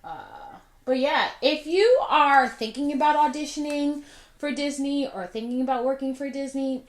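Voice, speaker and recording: A woman in her twenties telling a personal story in a chatty way, with lots of fillers, while doing her makeup. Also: high-pitched. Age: 20s. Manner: chatty, many fillers, drawn-out asides. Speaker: vlogger. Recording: echoey room.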